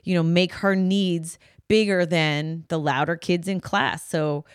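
A woman's voice: fairly low pitch, unhurried, clear, resonant tone, no room sound, clean studio sound. A middle-aged woman co-hosting a podcast, chatting casually and acting out the voices in her stories. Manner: animated storytelling, acts out quoted voices. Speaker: podcast co-host. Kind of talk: casual chat.

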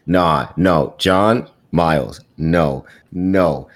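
A man's voice: deep voice, very slow. A young man in casual chat, joking and teasing, acting out lines for laughs. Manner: jokey, teasing, acts out lines.

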